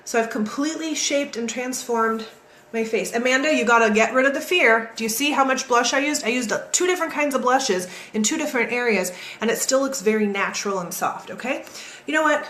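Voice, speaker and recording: A woman hosting a live makeup tutorial, chatty and energetic, talking straight to her viewers. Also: on the high side, fairly quick, reverberant. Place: home, in California.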